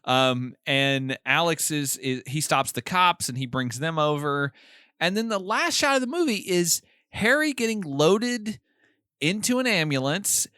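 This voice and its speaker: A man's voice: on the high side, lively intonation, unhurried, pushed and bright, smooth, no room sound, studio quality. A man co-hosting a podcast, casually recapping a film's plot with amused laughs. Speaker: podcast co-host. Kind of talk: casual film recap chat.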